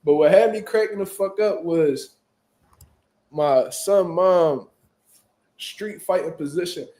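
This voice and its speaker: A man telling a story in casual chat, animated and full of profane street slang. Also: a little high, slow pace, echoey room. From Philadelphia, US. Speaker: boxing show host.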